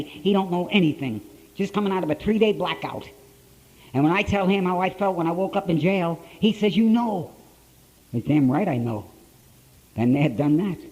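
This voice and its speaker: An older man with an Ohio accent tells his story in a gruff, blunt working-man way. His voice sits a little high for a man, and he hammers points home by repeating phrases. He is speaking live to a conference crowd. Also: a little mellow, poor audio. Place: conference hall, live talk to an audience.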